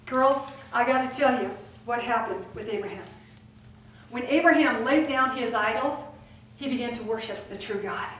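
A woman preaching a lively sermon to a women's gathering, acting out the voices in the stories she tells. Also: on the high side, normal speed, a little hiss or hum. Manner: animated, acts out voices in her retelling. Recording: echoey hall recorded from far off.

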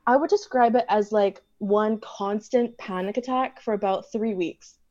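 A woman's voice: medium pitch, steady tone, a little slow, dark tone, highs cut off. A woman from Canada, a podcast guest telling her story animatedly and laughing often. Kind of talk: casual storytelling in a podcast interview.

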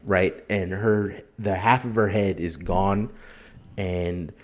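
A man's voice: deep voice, steady tone, slow pace. A man telling a long story on a casual podcast, rambling and swearing freely, laughing as he goes. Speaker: podcast guest.

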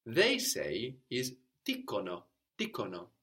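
A man's voice: mid-range voice, wildly swooping pitch, slow pace, sharp tone. A man teaching a language lesson, patiently prompting his student and repeating each answer.

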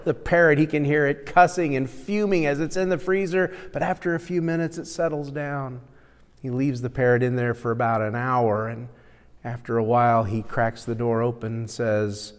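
Pastor preaching in a reverberant hall. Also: male voice, a little high, normal speed. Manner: conversational storytelling, chuckling at his own joke. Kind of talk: sermon.

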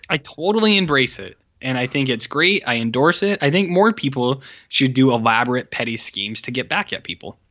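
A man's voice: medium pitch, brisk, few pauses, lo-fi sound. A man casually reviewing an old film with a co-host, swearing freely and acting out the characters' lines. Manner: animated, profane, acts out characters' lines. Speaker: podcast co-host.

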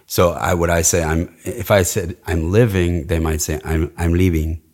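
A man's voice: low voice, steady tone, normal speed, a little mellow. A middle-aged man, an accent coach, chatting casually in an interview, rambling and demonstrating sounds with enthusiasm.

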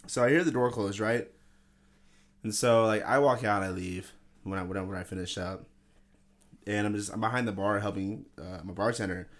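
A man's voice: on the low side, moderate pace, long pauses. A young man casually telling a crude story to friends on a podcast, swearing often and laughing as he goes. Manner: animated, swearing, laughing through stories. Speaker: podcast co-host.

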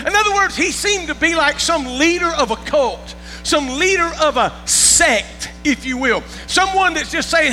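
High, bright-voiced preacher. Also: male voice, expressive, moderate pace. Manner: folksy, repeats words, asks the congregation to follow along. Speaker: pastor. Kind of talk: sermon. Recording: long reverb with faint music and mains hum.

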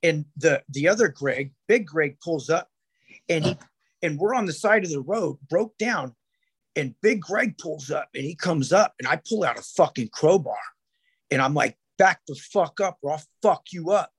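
A man with a husky, somewhat high voice talks on a podcast as a guest. He tells rambling, profane stories full of restarts and fillers. The tone is loose and unfiltered. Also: animated, moderate pace, a bit bright. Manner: rambling storytelling, heavy swearing, many restarts. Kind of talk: casual podcast chat.

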